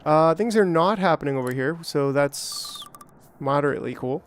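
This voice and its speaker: Male streamer, slightly high voice, chatty self-talk with excited spikes. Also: moderate pace, slight background noise. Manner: rambling, self-talking, jokey with bursts of excitement. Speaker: gameplay streamer. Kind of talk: casual let's-play commentary.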